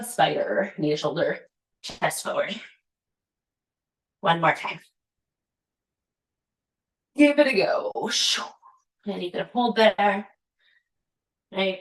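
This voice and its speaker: A woman guiding a yoga flow, her voice on the lower side as she steadily calls out poses and breaths. She drifts into easygoing, laughing asides between cues. The sound carries the echo of a roomy space. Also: a little slow, gravelly, long pauses. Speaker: yoga instructor. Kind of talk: guided yoga class cueing. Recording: echoey room.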